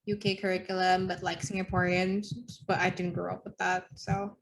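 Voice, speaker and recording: A woman's voice: fairly low pitch, level tone, moderate pace, gravelly. A teenage girl from Indonesia co-hosting a casual podcast chat, blunt and teasing. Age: teens. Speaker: podcast co-host.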